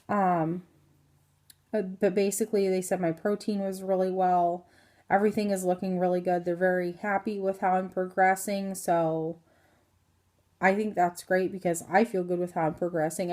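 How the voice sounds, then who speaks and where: A woman's voice: medium pitch, fairly even intonation, normal speed, a little mellow. A woman in her thirties from Indiana giving a rambling, casual health update to her phone camera, full of ums and self-corrections. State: hiccups. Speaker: vlogger.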